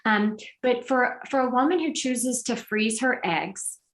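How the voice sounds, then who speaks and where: A woman's voice: fairly high pitch, measured pace, fairly bright tone. A woman hosting a podcast interview, asking questions eagerly and searching for how to word them. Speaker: podcast host. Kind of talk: casual interview.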